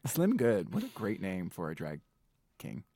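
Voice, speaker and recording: A man's voice: deep voice, huge pitch swings, unhurried, mellow, no room sound. A man co-hosting a casual podcast chat, teasing and playful. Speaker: podcast co-host.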